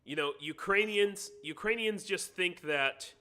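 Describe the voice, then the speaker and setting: Over a computer mic, an American livestream host jokes and chats casually as he tweaks his sound setup. His voice is high-pitched, a little slow, and pushed and bright.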